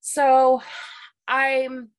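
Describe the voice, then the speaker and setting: A woman's voice: high-pitched, monotone, very slow, poor audio. A woman telling a personal story in a casual chat, rambling and repeating herself with many fillers. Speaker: guest telling a paranormal experience.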